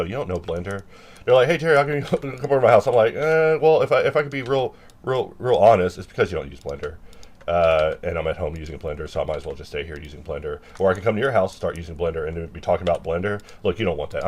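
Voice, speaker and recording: Low-pitched and rambling, this man talks casually while working, mocking himself along the way. Every so often he erupts into loud lines of fake anger.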